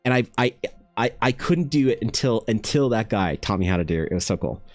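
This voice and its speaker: A man's voice: a little fast, no echo, soft background music. A man chatting casually while he draws, telling loose, rambling stories full of "like", "bro" and swearing. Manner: slides into animated high-pitched voices for quoted people. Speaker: artist streaming while drawing.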